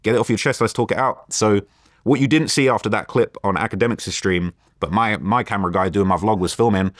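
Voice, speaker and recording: Fast-talking young British man, animated. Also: on the low side, no room sound, clean studio sound. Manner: animated retelling with quoted dialogue and fillers. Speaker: interview guest. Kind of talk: casual storytelling interview.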